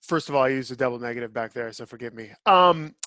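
A man's voice: mid-range voice, fast talker, pushed and bright, dry recording, studio quality. A man hosting a podcast, giving blunt, opinionated reviews in casual chat. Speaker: podcast host.

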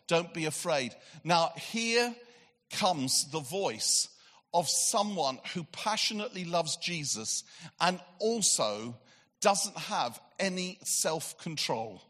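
A man preaching a sermon, telling a Bible story with animated delivery and acted-out voices, swinging from excited to hushed. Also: fairly high pitch, slow. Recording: long hall reverb.

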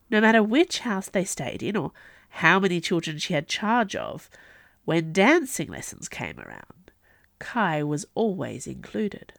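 A woman with a fairly low voice narrates a fantasy novel as an audiobook, reading scripted fiction in an expressive storytelling manner. The sound is clean studio audio with no room sound.

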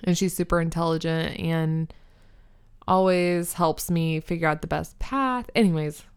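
A young woman co-hosting a casual chat podcast, talking in a dry, sarcastic, deadpan way. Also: sits low, a little slow, clean tone. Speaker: podcast co-host.

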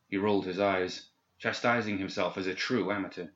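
A man reading a story aloud in steady, measured audiobook narration. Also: low-pitched. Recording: echoey, slightly dull recording.

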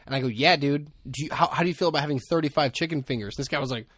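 A man's voice: a little high, racing, fairly bright tone, no echo. A man, hosting a podcast and telling rambling, jokey stories in casual chat. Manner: joking storyteller, rambling asides. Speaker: podcast host.

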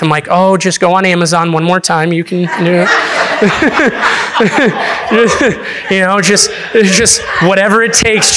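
A man's voice: fairly high pitch, bright, forceful tone. A young adult man, an associate pastor, preaching in a casual storytelling way, laughing often and restarting his sentences.

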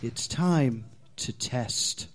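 A man's voice: medium pitch, extremely slow, pitched below the performer's own voice. A man doing a taunting facility robot voice.

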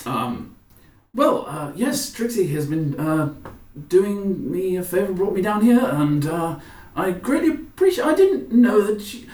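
A man's voice: high-pitched, very animated, darkish tone, distant mic. Brief: man as a fussy, polite playwright in a tabletop game, hesitant and formal, roomy off-mic sound. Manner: halting, prim and formal. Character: flustered, overly polite male playwright. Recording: echoey room, off-mic.

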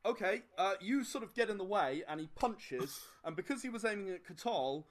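A man's voice: high-pitched, a little fast, a little hiss or hum. A man running a tabletop game as game master, narrating with many fillers and restarts. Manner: hesitant, filler-heavy, with sudden animated outbursts.

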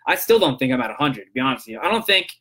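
A man's voice: mid-range voice, sing-song, rapid-fire, sharp tone. A young man hosting a podcast, casually telling a story and acting out both sides of a phone call. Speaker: podcast host.

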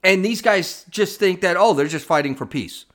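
Man, podcast host, high lively voice, scornful, stumbling restarts. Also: normal speed. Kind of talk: opinionated commentary.

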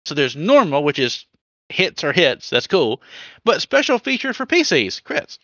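Podcast cohost, wry and argumentative, laughs a lot, bright lively voice. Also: mid-range voice, a little slow, no room sound, lo-fi sound. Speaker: podcast co-host. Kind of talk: casual podcast chat.

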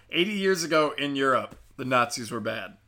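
Brief: male host, sharp bright tone, profane sarcastic rant. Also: mid-range voice, expressive, normal speed. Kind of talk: ranting commentary.

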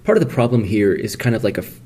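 A man's voice: lowish voice, very animated, racing, darkish tone, slightly rough. A man co-hosting a conversational podcast, thinking aloud with frequent restarts and checking in with "right?". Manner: thoughtful, hedging, many restarts and "right?" checks. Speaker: podcast co-host. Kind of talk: casual conversational podcast talk.

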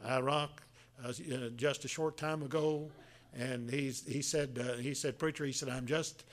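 A man, preaching a sermon in a folksy, halting way, with many restarts and fillers. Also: medium pitch, fairly even intonation. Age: 70s. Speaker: pastor.

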